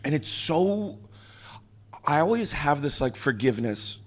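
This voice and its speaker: A man's voice: on the high side, big pitch swings. A man from Canada hosting a comedy podcast, chatting casually and stumbling over his words as he thinks aloud. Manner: halting and stumbling, often trailing off into quieter asides. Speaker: podcast host.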